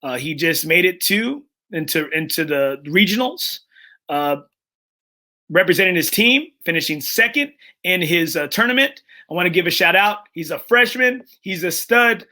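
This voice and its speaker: A man hosts a casual podcast in a high, bright voice. He talks earnestly and emotionally, often restarting his sentences and leaning on fillers. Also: animated, moderate pace. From Texas. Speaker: podcast host.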